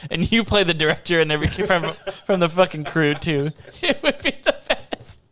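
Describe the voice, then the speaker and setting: Male podcast co-host, high and lively voice, teasing banter, noisy group around. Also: brisk, a crowd in the background. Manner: joking, teasing, laughs a lot. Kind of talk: casual chat.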